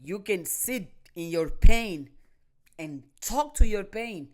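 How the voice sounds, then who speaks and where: Woman doing a motivational talk, medium voice, slow and deliberate, stacks the same line over and over. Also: medium pitch, lively intonation, a little mellow. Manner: emphatic and repetitive, building phrases in a chain. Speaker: motivational speaker. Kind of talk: motivational monologue.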